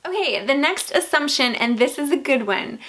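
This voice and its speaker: A woman in her forties chatting to camera in a bubbly, expressive way, answering viewer questions. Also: high-pitched, moderate pace. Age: 40s. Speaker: lifestyle YouTuber. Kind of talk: casual chat to camera.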